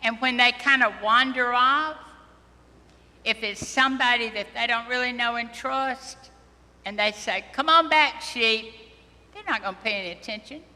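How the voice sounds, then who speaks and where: Woman pastor, bright higher voice, preaching gently to children in a reverberant church. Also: fairly even intonation. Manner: slow, gentle, questioning children directly. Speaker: priest giving a children's homily. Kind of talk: children's sermon. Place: church sanctuary.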